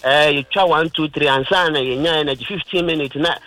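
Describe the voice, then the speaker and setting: A man's voice: on the high side, fairly quick, sharp tone, no echo, poor audio. A man with a Ghanaian accent explaining liver disease on a radio health talk, lecturing patiently with everyday examples. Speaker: health expert guest on radio. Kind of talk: radio health talk, mixing Twi and English.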